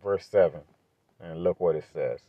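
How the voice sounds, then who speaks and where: A man teaching from the Bible in a preaching style, asking rhetorical questions and building to emphatic high-pitched points. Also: normal speed, no room sound, lo-fi sound. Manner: emphatic, rises sharply in pitch when pressing a point; asks rhetorical questions, adds "right?".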